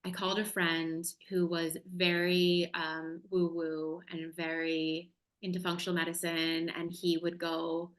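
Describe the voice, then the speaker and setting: A woman's voice: lowish voice, monotone, a little slow. A woman guest on a podcast, candidly and expressively telling her personal story.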